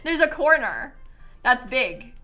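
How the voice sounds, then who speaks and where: Female streamer, bright giggly chatter over soft background music. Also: high-pitched, very animated, slow pace. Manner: chatty and giggly, answers chat. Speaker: streamer building in a life-sim game. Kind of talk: casual live-stream chat.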